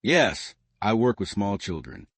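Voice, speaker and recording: A man voicing a nervous woman posing as a nursery teacher, speaking softly and hesitantly, in a storybook reading. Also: lowish voice, big pitch swings, unhurried, husky, no room sound, heavily acted. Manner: soft, hesitant.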